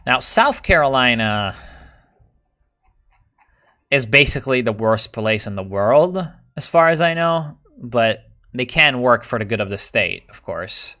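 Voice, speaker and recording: A man giving casual, joking commentary while playing a strategy game. He rambles excitedly and swears often. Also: mid-range voice, a little slow. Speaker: video game player.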